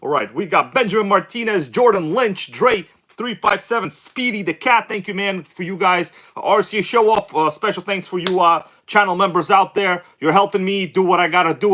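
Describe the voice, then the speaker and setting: A man's voice: high voice, normal speed, few pauses, pushed and bright. Hyped-up man hosting a live stream. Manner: upbeat hyped YouTube voice, chatty asides. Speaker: livestream host. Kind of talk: casual live stream chat.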